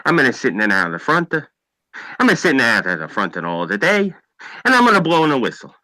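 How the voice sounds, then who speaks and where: A man doing a gruff old Italian immigrant dad, scolding his sons in broken, heavily accented English. The voice sits a little low and pushes forward with bright force. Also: huge pitch swings, fast, dry recording.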